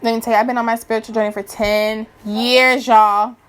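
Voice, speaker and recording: A woman in her twenties giving a casual, slangy spiritual rant to her viewers, animated and preachy with many restarts. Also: a little high, fairly quick, a little hiss or hum. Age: 20s. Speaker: spiritual vlogger.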